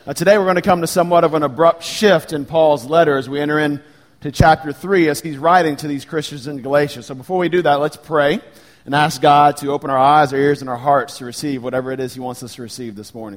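A man in his thirties preaching a sermon as pastor, earnest and animated when he tells stories. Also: a little high, fast talker.

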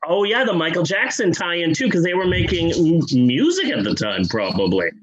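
A man hosting a podcast, telling a funny story in a casual, profane, jokey way with quick asides. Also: fairly high pitch, big pitch swings, muffled recording, over a noisy crowd.

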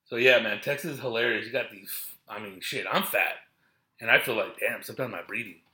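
A man's voice: fairly low pitch, a little fast, bright, forceful tone. A man telling casual, profane stories from his shows, full of slang and acted-out quotes. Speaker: comedian talking about his shows. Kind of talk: casual rambling chat.

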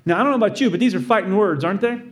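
A man's voice: high-pitched, rapid-fire. A male pastor preaching a sermon, telling the story with animation and acting out the quoted voices.

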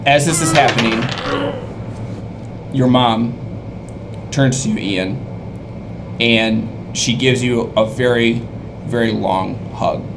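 A man acting as game master, narrating a tabletop game in a relaxed, descriptive way. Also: mid-range voice, slow, pauses often. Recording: noisy background.

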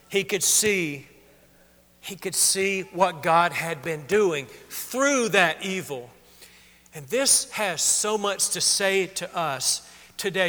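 A man's voice: high-pitched, bright, forceful tone, big-room sound. A man preaching a sermon in a conversational way, acting out the people in the story with rising feeling. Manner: conversational, acts out quotes with rising emotion. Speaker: pastor.

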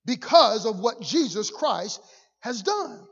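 A fervent woman preacher with a high voice delivers a sermon, repeating her points and rising to shouts. Her voice rings through a long hall reverb in a church hall. The recording sounds dull and lo-fi. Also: animated, unhurried. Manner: fervent, repetitive, swinging from quiet to shouting.

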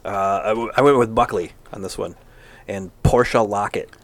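A man with a lowish voice co-hosts a sports podcast, chiming in with short, dry remarks in casual chat. The sound is close and dead, with no room around it. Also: normal speed, no echo. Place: small podcast studio.

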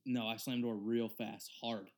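A man in his twenties casually telling a long story on a podcast, rambling and animated, acting out the other people's lines. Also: fairly low pitch, a little slow. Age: 20s. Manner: rambling, animated retelling with quoted dialogue. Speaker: podcast host.

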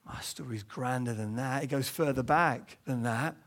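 A man from England preaching a sermon in church, earnest, sometimes dropping low and soft to press a point. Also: moderate pace. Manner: earnest, rises high for quoted inner voices, drops low and soft to stress points.

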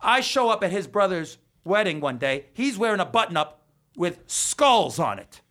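A man's voice: high voice, very animated, normal speed, sharp tone. A man hosting a podcast, telling rambling stories in casual, profane chat. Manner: profane, storytelling. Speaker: podcast host.

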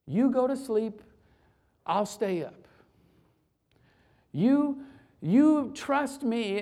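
Earnest conversational preacher, hushed to animated. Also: mid-range voice. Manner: swings from hushed, intimate lines to loud, animated storytelling. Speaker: pastor. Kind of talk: sermon.

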